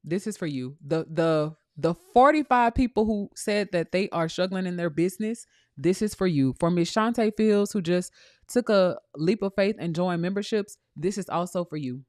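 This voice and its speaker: Low-voiced woman preaching to viewers. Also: animated, moderate pace, darkish tone, no room sound, clean studio sound. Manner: preachy, addresses viewers as y'all. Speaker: dog breeder and business coach. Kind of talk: casual livestream chat.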